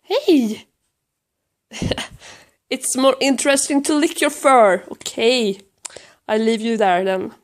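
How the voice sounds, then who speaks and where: Hoarse Swedish woman, slow and rambling. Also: fairly high pitch. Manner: rambling, self-mocking, baby-talk to her cat. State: hoarse from a cold. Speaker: vlogger filming her cat. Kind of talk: casual home vlog. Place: lying on a couch at home.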